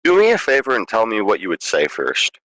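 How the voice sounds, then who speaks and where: A man running a tabletop game as game master, with calm, descriptive narration. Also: on the low side, a little fast, no echo.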